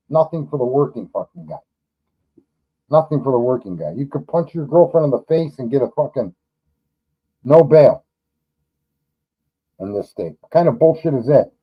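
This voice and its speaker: A man's voice: mid-range voice, highs cut off. Blunt, profane New man. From New York. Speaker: livestream host. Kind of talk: casual livestream chat.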